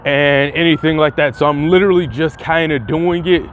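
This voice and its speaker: Young male vlogger, high for a man, loose rambling delivery with cursing and false starts, faint noise behind him. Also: steady tone, normal speed. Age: young adult. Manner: rambling and profane, with frequent restarts. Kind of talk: casual vlog commentary.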